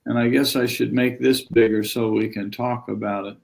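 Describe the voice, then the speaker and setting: A man's voice: medium pitch, fairly even intonation, moderate pace, vocal fry. A man teaching a live-streamed yoga lesson in a rambling, conversational way, chatting with viewers as he goes.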